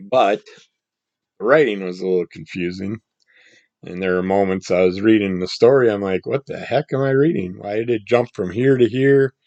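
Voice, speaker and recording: A man reviewing comic books in a casual, rambling monologue, his voice scratchy from the morning and his throat needing clearing. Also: fairly low pitch, dry recording. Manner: rambling, relaxed, trails off mid-sentence.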